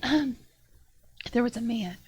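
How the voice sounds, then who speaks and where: Casting: a woman doing a gossipy little monkey sidekick, high-pitched and giddy, tabletop game. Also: takes it slowly, darkish tone, a little hiss or hum. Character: chatty little female monkey familiar.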